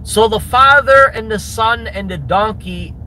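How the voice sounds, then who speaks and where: A man's voice: high-pitched, measured pace, bright, forceful tone, a little hiss or hum, poor audio. A man telling a rambling parable to camera outdoors, repeating and restarting his phrases. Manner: rambling, repetitive, stammering restarts.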